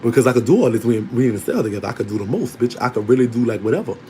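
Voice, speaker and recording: A man telling a candid personal story to his online audience in a casual, animated way, often breaking into laughter. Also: mid-range voice, racing, a little hiss or hum, poor audio. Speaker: storytelling vlogger.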